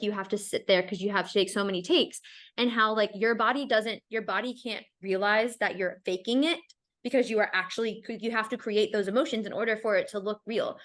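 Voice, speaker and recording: A young woman with an American accent chats loosely on her podcast, her sentences wandering through fillers and restarts. Her voice sits at a middling pitch for a woman, and she laughs easily between thoughts. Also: a bit bright. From United States. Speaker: podcast host. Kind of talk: casual chat.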